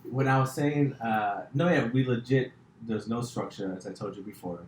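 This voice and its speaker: This podcast host and comedian has a medium-pitched male voice at a normal pace. He rambles loosely through a casual chat, full of fillers and restarts, recorded in an echoey room.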